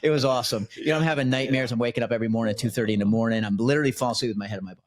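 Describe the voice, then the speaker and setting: A man's voice: medium pitch, very fast. A man, a podcast guest who founded a nonprofit, telling his personal story in a casual, rambling way, often restarting and repeating words.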